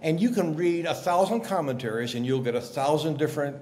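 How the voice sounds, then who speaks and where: A man, a guest journalist, explaining scripture in a lively conversational way, acting out quotes as he tells the story. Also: on the high side, fairly quick. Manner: animated storyteller, acts out quotes. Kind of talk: conversational Bible teaching.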